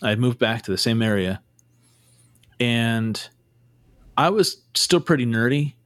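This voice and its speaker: A man's voice: medium pitch, expressive, unhurried, fairly bright tone, dry recording, studio quality. A man from California hosting a podcast interview, easygoing and teasing, rambling with fillers. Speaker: podcast host. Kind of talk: casual interview chat.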